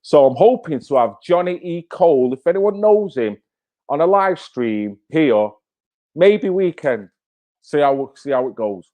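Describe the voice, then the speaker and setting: A man's voice: on the high side, lively intonation, a little slow, dark tone. A man hosting his own channel, talking in a blunt, fired-up way with swearing and rhetorical questions. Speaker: channel host. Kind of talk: casual live-stream commentary.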